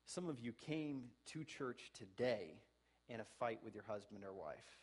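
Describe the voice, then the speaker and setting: A male pastor with a fairly low, animated voice preaches at a measured pace, earnestly exhorting his congregation. His volume swings from soft to loud, and he acts out sample apologies in a conversational tone.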